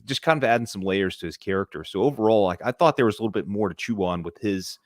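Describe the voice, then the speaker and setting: A man co-hosting a casual live-stream movie debate, rambling and getting loud when heated. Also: on the low side, quick pace, no echo, clean studio sound.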